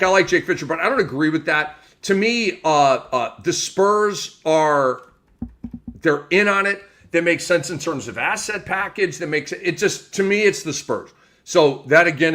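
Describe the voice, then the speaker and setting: Male sports host in his forties, emphatic ranting delivery, bright and a touch high. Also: animated, normal speed. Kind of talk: sports commentary rant.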